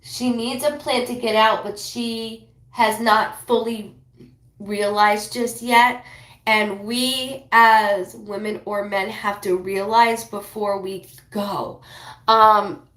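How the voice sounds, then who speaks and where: A woman giving a live psychic reading, rambling and emotional, talking in quick bursts. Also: medium pitch, fairly even intonation, fairly bright tone, roomy sound. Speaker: psychic reader.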